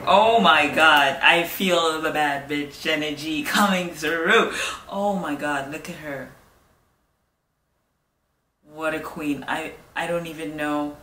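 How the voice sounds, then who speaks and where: Young woman, excited reaction vlog chat, gushing exclamations, echoey room, a bit off-mic. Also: sits low, takes it slowly, distant mic, a little hiss or hum. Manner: gushing, exclaims often, chatty asides. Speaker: reaction video host. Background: music from the video.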